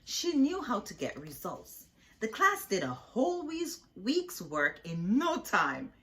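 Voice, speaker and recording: A woman reading a children's picture book aloud as a storyteller, in an expressive, deliberate way. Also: on the high side.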